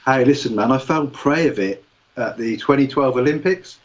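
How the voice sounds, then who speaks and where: A man's voice: medium pitch, moderate pace, slight background noise. British man on a dull call line. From United Kingdom. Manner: chatty, easygoing, humorous. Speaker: guest. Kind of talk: casual interview chat. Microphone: video call.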